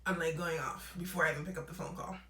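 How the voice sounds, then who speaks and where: A young woman telling a storytime vlog, animated and acting out both sides of phone calls in a casual way. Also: sits low, quick pace, roomy sound, poor audio.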